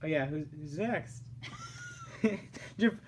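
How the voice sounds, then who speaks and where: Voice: mid-range voice, a little hiss or hum, rough recording. A host giggling and stammering through a casual recap of a board-game round. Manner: laughing, halting, stammering.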